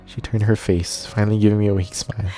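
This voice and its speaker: Low, mellow-toned male streamer narrating a game, soft music bed. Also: quick pace. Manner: steady narration, cursing asides. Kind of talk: reading a visual novel aloud.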